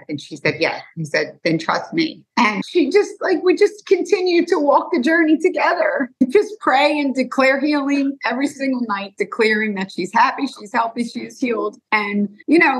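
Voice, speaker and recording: A middle-aged woman, a guest mother, telling an emotional personal story with animated storytelling and acted-out dialogue. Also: medium pitch, breathy edge.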